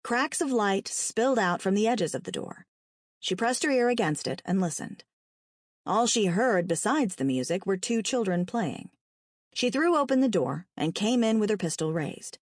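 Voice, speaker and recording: A woman reading a dark story aloud with a dramatic, expressive delivery. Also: medium pitch, dry recording, clean studio sound. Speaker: narrator.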